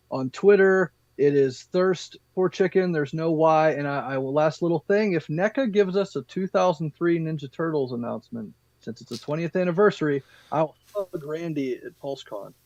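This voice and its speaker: A man's voice: fairly high pitch, a little mellow, no room sound. A man speaking over a video call in a casual collectors' chat, enthusiastic and full of eager promises. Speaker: guest collector. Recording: dull dry video-call audio.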